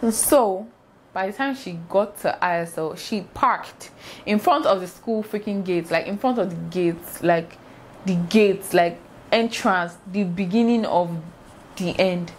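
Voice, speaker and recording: Animated woman telling a story. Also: medium pitch, a little slow, a little hiss or hum. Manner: animated storyteller acting out sounds and quoted voices. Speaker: vlogger. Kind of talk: casual storytime vlog.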